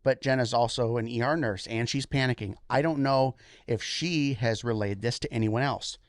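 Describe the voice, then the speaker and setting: A man's voice: mid-range voice, moderate pace, dry recording, clean studio sound. Laughing male co-host retelling a story. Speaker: podcast co-host. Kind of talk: casual storytelling chat.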